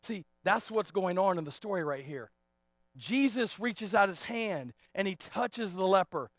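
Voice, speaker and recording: A man in his thirties preaching a sermon as pastor, animated and repetitive, joking with the congregation. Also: high voice, a little slow, no room sound, studio quality. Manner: animated, repeats words, jokes with congregation.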